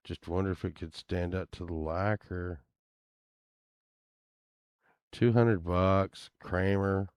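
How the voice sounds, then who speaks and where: A man's voice: low voice, fairly even intonation, a little slow, smooth, no room sound. A man rambling casually as he browses items online, grumbling and swearing now and then. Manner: meandering, grumbling asides, occasional swearing. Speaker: vlogger.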